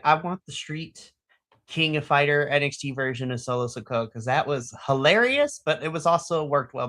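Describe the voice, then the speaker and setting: Guy with a bright forceful voice, pitched a bit high, animated wrestling podcast chat, laughs a lot. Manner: animated, acts out his own reactions in quotes, laughs often. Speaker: podcast co-host. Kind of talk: casual wrestling recap chat.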